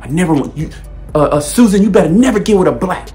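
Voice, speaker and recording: A man's voice: sits high, lively intonation, fast, warm tone, faint music behind. A man putting on the voice of a contemptuous, bigoted parent scolding a child. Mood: sneering. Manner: contemptuous, mocking.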